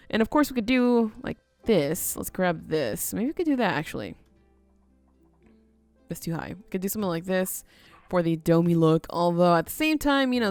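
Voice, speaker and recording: A woman commentates on her building game in a chatty, playful way and jokes with herself as she goes. Her pitch sweeps up and down with lively ups and downs. Soft music plays faintly behind her. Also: gravelly. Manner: chatty, self-talking, playful, jokey. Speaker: gaming video host.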